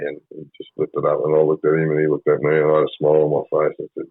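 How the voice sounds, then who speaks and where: A deep, husky Australian man in his fifties tells his story in a loose, swearing, rambling way. His voice sounds dry and close, with no room around it, and the recording has a narrow, phone-like sound. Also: level tone, fast, hardly any pauses, no echo. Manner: rambling, profane, frequent ums. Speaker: podcast guest. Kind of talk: casual storytelling interview. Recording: phone-like band-limited sound.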